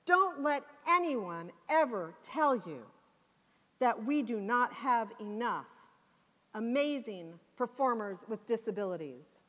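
A woman's voice: fairly high pitch, sing-song, slow, a bit bright. A woman giving a passionate, emphatic conference talk. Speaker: conference speaker. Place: conference hall. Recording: long hall reverb.

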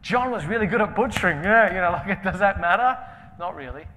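A man preaching a conference sermon, telling stories with humor and swinging between loud and hushed delivery. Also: sits high, expressive, fairly quick, noisy background. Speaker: pastor. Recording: reverberant hall with faint ambience.

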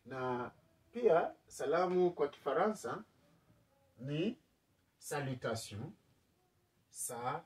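Slow-talking man teaching a language lesson. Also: fairly high pitch, very animated, far from the mic. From East Africa. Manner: slow, repeats words for learners to echo.

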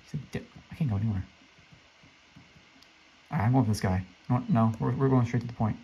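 A young man giving excitable commentary over his own gameplay as a channel host, often jumping into squeaky teasing voices. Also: brisk, slightly rough, dull audio.

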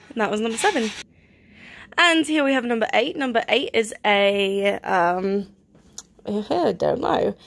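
A young woman chatting casually at home as she shows items for sale, describing each one with lots of fillers. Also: a little high. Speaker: online reseller. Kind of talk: casual live-sale vlog.

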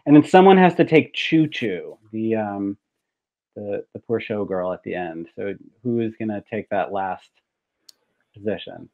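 A man's voice: on the low side, measured pace, a little mellow. A man speaking as a show guest in casual discussion, hesitant and full of restarts, over a video call. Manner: hesitant, many ums and restarts. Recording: tinny phone-like video call.

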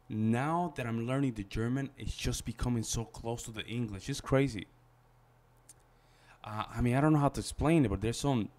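An American man with an American accent comments casually as the host of a reaction video. He speaks in a relaxed, conversational way, his voice sitting at an ordinary middle pitch. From United States. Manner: relaxed and conversational, with fillers and restarts.

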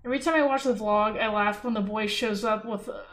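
A woman's voice: medium pitch, fairly even intonation, brisk, a bit bright, a little hiss or hum. A woman streamer chatting and laughing as she recounts something she watched. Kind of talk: casual streaming chat.

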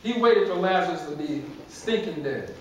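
A male pastor preaches with emphatic storytelling and repeated phrases in a notably high voice. His voice rings through a very echoey church, and he is far from the microphone. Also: animated, moderate pace, muffled recording, slight background noise. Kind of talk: sermon. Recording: very echoey church, distant mic.

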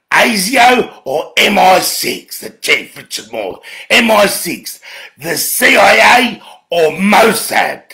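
An Australian man in an angry, profane monologue to camera, dropping to low mutters, then shouting. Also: sing-song, slow, vocal fry. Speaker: video ranter.

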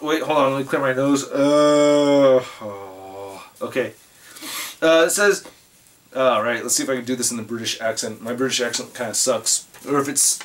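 A man's voice: medium pitch, fairly bright tone. A man vlogging casually while opening fan mail, chatty and rambling with lots of fillers. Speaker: collectibles vlogger.

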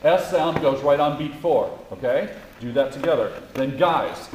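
A man's voice: a little high, expressive, unhurried. A man directing a choir rehearsal, coaching the singers with encouragement and singing phrases to show them how. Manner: encouraging, sings phrases to demonstrate. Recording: echoey room heard from far off with background noise.

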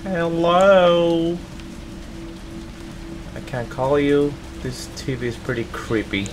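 A man's voice: medium pitch, normal speed, over music. A man hosting a gaming channel, giving casual, jokey let's-play commentary and talking straight to his viewers. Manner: excitable, jokey, talks to viewers.

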